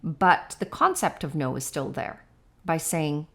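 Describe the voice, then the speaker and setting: A woman with a slightly low voice talks as an educator on a casual podcast. She explains things patiently, one step at a time, and keeps checking in with a quick "right?" When she gets to her examples she turns playful and lively. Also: vocal fry, breathy edge.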